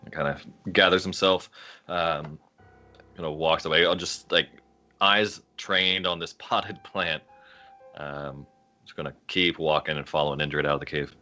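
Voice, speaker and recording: A man playing a tabletop game, laid-back and quick to laugh. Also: rumbling low, fairly even intonation, pushed and bright, muffled recording, soft background music. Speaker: player. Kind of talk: casual tabletop play.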